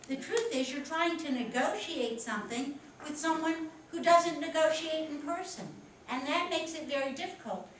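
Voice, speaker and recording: A woman with a Philadelphia accent teaching a professional etiquette class, animated and encouraging as she talks with her students. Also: high voice, normal speed, distant mic, slight background noise. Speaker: instructor. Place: large echoey classroom. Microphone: distant room mic. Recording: echoey room recorded from afar.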